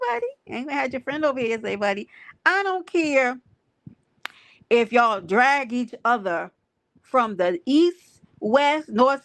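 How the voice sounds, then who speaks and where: Woman streamer, animated profane rant, higher voice, dry close sound. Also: no echo. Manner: animated, profane, emphatic, talks to her chat. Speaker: livestream host. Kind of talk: livestream rant and viewer chat.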